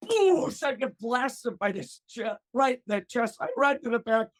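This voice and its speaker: A man's voice: extremely high pitch, moderate pace, a bit bright. An older man, a gardening expert, telling a funny story as an interview guest, acting out the voices and laughing often.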